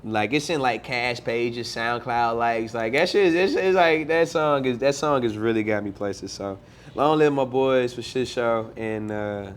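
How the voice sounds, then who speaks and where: A man's voice: medium pitch, a little slow, clean tone. A man, a musician guest, telling stories in a loose, slangy way with lots of fillers. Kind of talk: casual interview chat.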